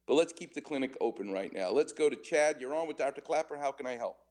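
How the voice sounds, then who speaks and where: A man in his sixties hosting a call-in radio show as a doctor, an animated storyteller who laughs often. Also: medium pitch, fast talker.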